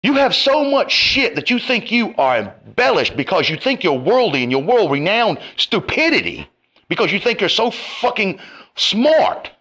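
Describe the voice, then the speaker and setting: A man's voice: high voice, pushed and bright. A man delivering a profane, confrontational rant to camera, his heat rising and falling. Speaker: online commentator.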